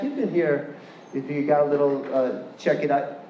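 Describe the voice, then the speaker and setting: A man's voice: on the high side, steady tone, moderate pace, a little mellow, highs cut off, slight background noise. A man with a Californian accent giving a playful, chatty university lecture and asking the audience questions. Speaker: guest lecturer. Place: lecture hall. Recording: echoey hall with faint room ambience.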